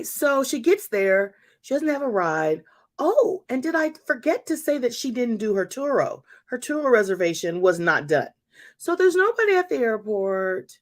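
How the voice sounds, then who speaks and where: Lively, animated woman in her fifties. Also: a little high. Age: 50s. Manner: animated, emphatic repetition, addresses listeners as y'all. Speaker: host. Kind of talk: faith talk, storytelling to an audience.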